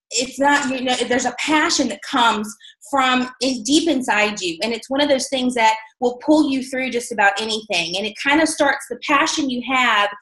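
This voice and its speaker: A woman's voice: high-pitched, fairly bright tone, echoey room, poor audio. A middle-aged woman giving a candid, chatty motivational talk to a sales team, full of fillers and self-deprecating asides.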